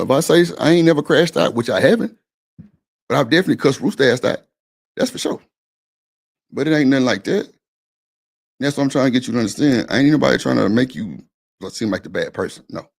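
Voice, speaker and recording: Blunt, gravelly-voiced man arguing hard. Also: mid-range voice, expressive, brisk, pauses often. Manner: blunt, insistent, repeats himself, swears freely. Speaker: stream panel host. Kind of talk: heated argument on a live stream.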